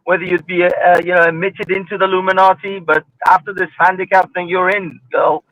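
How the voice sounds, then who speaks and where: A man on a casual panel call, joking with the host in halting, repeated starts. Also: high voice, level tone, fairly bright tone, no room sound, dull audio. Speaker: panel guest.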